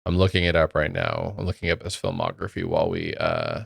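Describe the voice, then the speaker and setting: A man's voice: low voice, very animated, fairly quick, vocal fry, no room sound. A man co-hosting a film review podcast, chatting casually with a dry, sarcastic wit. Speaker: podcast co-host.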